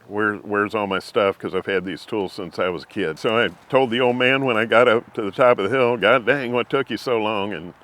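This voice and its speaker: Man, middle-aged, lowish voice, rambling folksy stories, clears throat often. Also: fairly quick, hardly any pauses, a bit bright. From Missouri. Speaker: interviewee. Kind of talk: casual storytelling.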